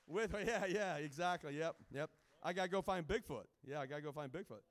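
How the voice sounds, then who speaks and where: A man's voice: a little high, a little fast, few pauses. A man speaking as a guest evangelist, giving a jokey, rambling informal sermon to a camp with many restarts.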